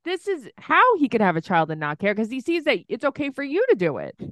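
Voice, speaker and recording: Incredulous woman with a lively, mid-pitched voice. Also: no room sound, studio quality. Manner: blunt, incredulous, quick to laugh. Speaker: podcast co-host. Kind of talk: casual chat reacting to a reality show.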